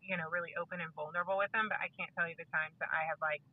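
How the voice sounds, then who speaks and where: A mother of five as a podcast guest, quick and animated, acting out her children's voices as she tells stories. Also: on the low side, phone-quality sound, a little hiss or hum. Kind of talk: casual conversational interview.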